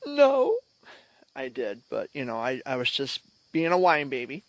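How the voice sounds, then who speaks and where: A man's voice: mid-range voice, normal speed, fairly bright tone, no echo. A man in a casual, reflective, conversational telling of a childhood memory. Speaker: vlogger. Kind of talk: casual storytelling.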